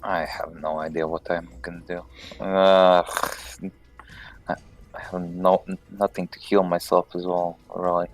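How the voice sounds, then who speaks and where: A man's voice: low-pitched, little pitch movement, unhurried, faint music behind. A man playing a tabletop game, sighing and unsure, cracking dry jokes. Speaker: player. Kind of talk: casual chat during a game.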